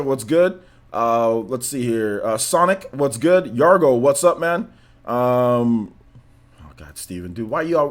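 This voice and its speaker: A young man hosting a casual live stream, rambling loosely and rattling off quick shout-outs to viewers. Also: fairly high pitch.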